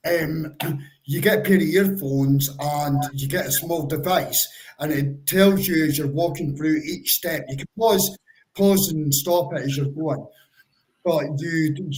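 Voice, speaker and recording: A man's voice: on the high side, rough recording. A man co-hosting a fan livestream, chatting casually and giving step-by-step advice in a stop-start way. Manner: calls listeners bro. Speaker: co-host of a football fan livestream. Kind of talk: casual chat.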